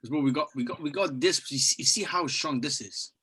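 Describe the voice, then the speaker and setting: A man in casual chat about trading, excitable and swearing, calling his friend bro. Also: a little high, brisk, slight background noise, rough recording. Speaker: trader.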